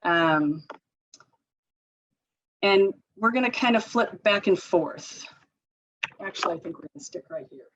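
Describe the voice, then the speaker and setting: A woman's voice: medium pitch, animated, measured pace, pauses often. A woman occupational therapist giving a casual training talk to parents, chatty and laughing often. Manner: chatty, laughs often, leads group exercises with chanting. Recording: slightly dull lo-fi sound.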